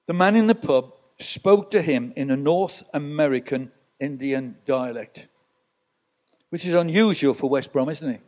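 A man's voice: on the high side, unhurried, darkish tone. A male pastor preaching a sermon in church, telling stories with rhetorical asides to the congregation.

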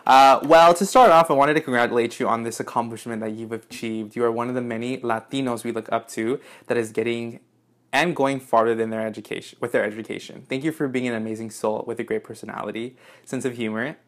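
An excitable young man in his twenties, talking through a casual unboxing vlog at home. His voice sits in a middle pitch, drops lower and quieter for asides, and shoots into high squeals when he's delighted. He swears freely. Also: fast. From United States. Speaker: YouTuber opening fan mail. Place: indoors at home, apartment.

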